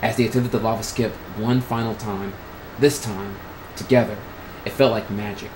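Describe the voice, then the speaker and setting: A man's voice: fairly low pitch, steady tone, moderate pace, noisy background. A man streaming, reading crude fan fiction aloud in a comedic way. He often laughs and stumbles over the words. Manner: breaks into laughter, crude and casual.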